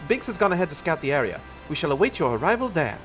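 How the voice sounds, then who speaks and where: Man putting on an eager young male engineer, high voice, lively swings, hurried briefing, faint music behind. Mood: urgent. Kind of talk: reading game dialogue aloud in voices.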